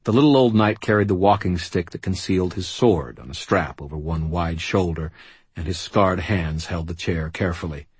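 A man's voice: deep voice, normal speed, husky, no echo. A man giving dry, wry first-person narration for an audiobook.

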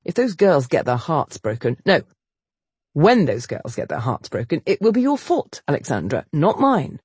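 A woman reading the part of a stubborn, feverish young nobleman, gruff and clipped, pitching her voice lower. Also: huge pitch swings, normal speed, darkish tone, dry recording. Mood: accusing. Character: stubborn feverish duke's heir, young man, angry.

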